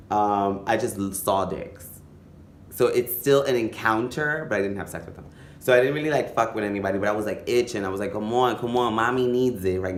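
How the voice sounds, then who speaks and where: A man vlogging in a campy, animated storytelling style, slipping into Spanish phrases and playful high voices. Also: reverberant, slight background noise. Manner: switches between English and Spanish phrases. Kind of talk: casual storytelling vlog.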